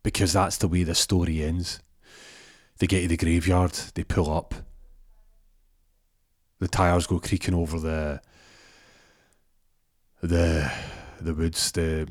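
A man spins a crude comic tale. He rambles and restarts often, and his voice is fairly low. The sound is dry and close. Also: level tone, takes it slowly, long pauses, darkish tone, dry recording. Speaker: comic storyteller. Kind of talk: improvised comic storytelling.

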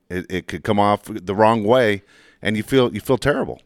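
Earnest guy chatting, lowish voice, dry close sound. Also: moderate pace, dry recording. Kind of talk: casual conversation.

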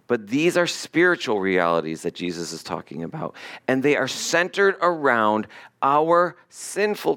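This sermon comes from a man with a mid-range voice, a pastor who talks in an animated, conversational style. He throws in asides to his congregation.

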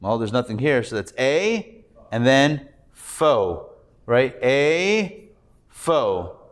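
Slow, patient rabbi teaching a class. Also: male voice, medium pitch, sing-song. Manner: patient, sounds out syllables slowly and repeats them. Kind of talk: live classroom lesson, sounding out syllables. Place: class recorded live in a room.

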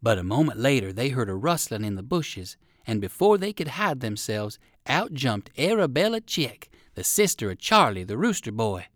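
A man's voice: mid-range voice, very animated, moderate pace, hardly any pauses, no room sound, studio quality. Man reading a storybook aloud. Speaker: reader. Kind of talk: storybook narration.

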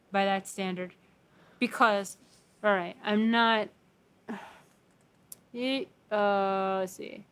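A woman's voice: mid-range voice, fairly bright tone, clear, resonant tone. A woman in casual conversation about old singers, self-deprecating and given to trailing off and restarting.

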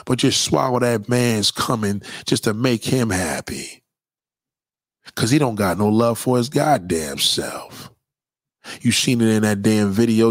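A man's voice: fairly low pitch, no room sound, clean studio sound. A man delivering a profane, preachy rant straight at his audience. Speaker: commentator. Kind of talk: impassioned monologue rant.

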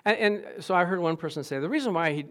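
A middle-aged male pastor preaching a sermon, telling stories with lively acted-out quotes and frequent laughter. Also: high voice, fast. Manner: animated storytelling, acts out quotes, laughs often.

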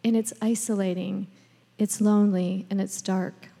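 A woman's voice: mid-range voice, flat delivery, moderate pace, creaky, warm tone. A female pastor preaching a sermon in an earnest, personal way. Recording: hall reverb.

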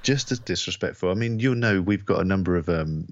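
Deep-voiced man, dry dull recording. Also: a little fast, no echo. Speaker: podcast co-host. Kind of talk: casual chat.

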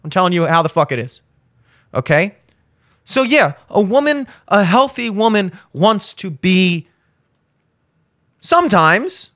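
This show host's voice sits high and a bit bright as he bluntly rants about relationships in an opinion monologue. He swears heavily and insistently repeats himself for emphasis, in a studio-quality recording without echo.

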